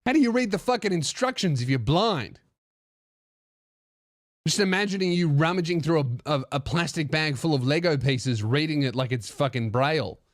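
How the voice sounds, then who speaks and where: A man's voice: a little high, expressive, moderate pace, no room sound, clean studio sound. A man hosting a comedy podcast, reading viewer emails aloud and riffing on them with profane, mocking asides.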